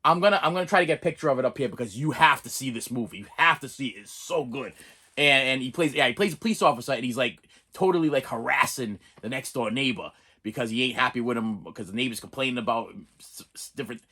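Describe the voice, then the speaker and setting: A man's voice: mid-range voice, lively intonation, fast talker, pushed and bright, husky. A middle-aged man reviewing cheap movie discs in a casual, rambling way, stammering and restarting often and cracking jokes. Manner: jokey, breaks into off-key singing and impressions.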